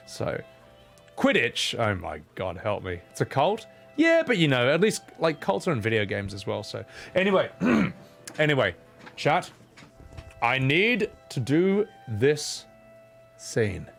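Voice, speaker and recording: A man's voice: mid-range voice, huge pitch swings, a little slow, creaky, long pauses, a bit bright, soft background music. A man streaming a video game, chatting casually and profanely with his viewers, often slipping into mock voices. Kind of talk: casual gaming commentary.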